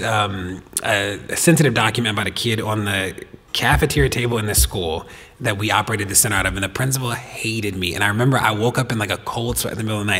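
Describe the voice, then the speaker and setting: A man telling a personal story to a host on stage, animated, laughing often and talking with lots of fillers. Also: lowish voice. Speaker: podcast guest. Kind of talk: storytelling in a live talk. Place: stage of a performance venue. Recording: long reverb of a hall.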